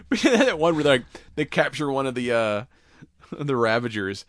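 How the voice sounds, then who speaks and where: A man's voice: mid-range voice, sing-song, measured pace, dry recording. A young man hosts a casual podcast and rambles through plot recaps, cursing freely and acting out the characters' lines. His voice sits in a middling range. The recording is close and dry. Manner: rambling recaps full of swearing and acted-out quotes. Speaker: podcast host. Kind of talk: casual chat.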